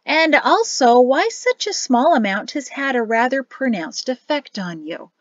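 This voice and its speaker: A woman's voice: sits high, sing-song, a little slow, dry recording, dull audio, pitched above the performer's own voice. A woman voicing a jovial, chatty male innkeeper and cook in an audiobook. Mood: cheerful. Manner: cheery, chatty, boastful.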